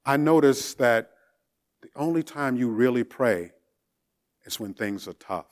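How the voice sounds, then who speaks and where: A man voicing the Lord as a gentle male deity who asks patient, searching questions. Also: mid-range voice, animated, a little slow, natural voice. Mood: reproachful.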